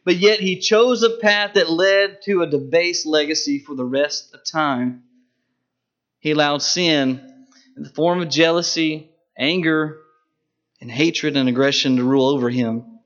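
A man preaching a sermon, emphatic, with sharp rises and drops in his voice for stress. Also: fairly high pitch, unhurried. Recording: dull lo-fi recording.

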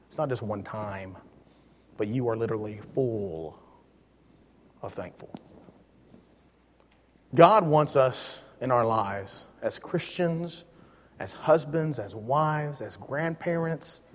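A man teaching a Bible lesson in a relaxed, joking way, leaning hard on key words. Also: medium pitch, long reverb tail.

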